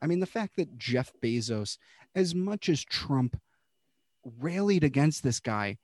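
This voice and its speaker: A man's voice: on the high side, sing-song, a little slow, dry recording, studio quality. A man in his thirties co-hosting a podcast in casual chat. He rambles and laughs often. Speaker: podcast co-host.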